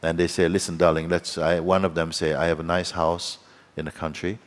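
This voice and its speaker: A man's voice: deep voice, flat delivery, fairly quick. A man, a spiritual teacher, telling a story at a satsang and acting out the voices of its people, chuckling as he goes.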